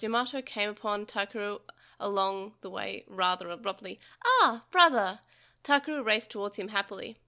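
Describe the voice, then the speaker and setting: A young adult woman reading a novel aloud for a podcast, telling the story in a lively way with small slips and restarts. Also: mid-range voice.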